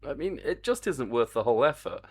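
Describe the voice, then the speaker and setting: Exasperated man, lively pitch. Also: fairly quick, husky. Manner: exasperated muttering and humming to himself. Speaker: game developer streaming his work. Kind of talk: casual live-stream chat while coding.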